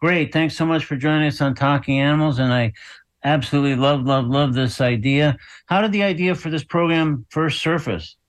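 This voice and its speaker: A man's voice: on the high side, fairly even intonation, normal speed, poor audio. Enthusiastic male radio show host. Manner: friendly and enthusiastic with guests.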